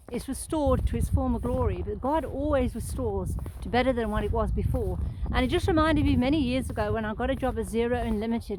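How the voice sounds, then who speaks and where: A woman's voice: on the high side, noisy background. A woman telling a devotional testimony in a casual, chatty, storytelling way while walking outdoors in a snowy field, speaking into a phone. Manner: warm, chatty storytelling with fillers. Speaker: Christian vlogger.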